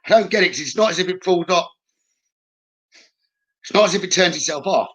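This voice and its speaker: Man, psychic medium reading, bright forceful tone, slightly high voice, reassuring, keeps asking okay. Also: expressive, a little fast, low-quality recording. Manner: reassuring, often checks in with "okay?".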